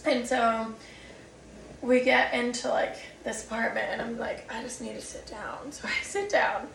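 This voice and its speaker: A young woman chats through a rambling vlog story, her slightly high voice dipping into gravelly fry. She is set back from the mic in an echoey room. Her delivery is loose and filler-heavy. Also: fairly bright tone, distant mic, a little hiss or hum. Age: young adult. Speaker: vlogger. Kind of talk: casual storytelling chat.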